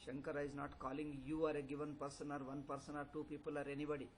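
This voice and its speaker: High-voiced man lecturing. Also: completely flat delivery, fast talker, slight background noise, rough recording. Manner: rhetorical questions, repetition, chuckles. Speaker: swami teaching a scripture class. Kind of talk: philosophy lecture.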